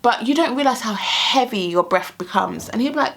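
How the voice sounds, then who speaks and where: A woman talks casually to her camera as a pregnant vlogger. She is often a little out of breath and keeps the chat lively with frequent laughs. She plays out the voices of the people in her stories. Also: fairly high pitch, a little fast, vocal fry, husky. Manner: animated storyteller, laughs often, acts out quoted voices. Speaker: vlogger sharing pregnancy experiences.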